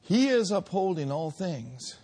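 A man preaching a sermon, swinging between loud drawn-out peaks and quiet low lines. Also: very animated, husky.

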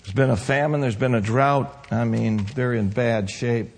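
A male pastor preaching an impassioned sermon with a hoarse voice, swinging from soft to shouting. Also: mid-range voice, fairly even intonation, moderate pace.

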